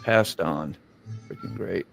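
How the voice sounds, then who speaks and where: A man's voice: sits low, slow, gravelly, a bit bright, soft background music, low-quality recording. A man hosting a casual chat in a laid-back way, full of "you know" and "man". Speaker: show host.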